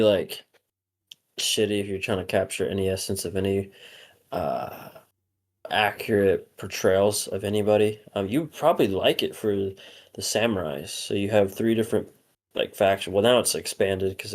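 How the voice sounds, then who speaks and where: A young man co-hosting a podcast, chatting casually, rambling with lots of fillers and frequent swearing. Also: lowish voice. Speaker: podcast co-host.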